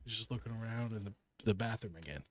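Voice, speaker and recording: In casual podcast chat, this co-host talks fast in a voice on the low side. He retells a film scene with animation, acting out the lines and swearing as he goes.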